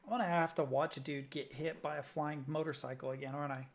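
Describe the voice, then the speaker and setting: A man's voice: fairly high pitch, steady tone, fast, slight background noise. Man from the southern us, streamer, profane, rambling reaction commentary. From Southern United States. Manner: profane, ranting, casual.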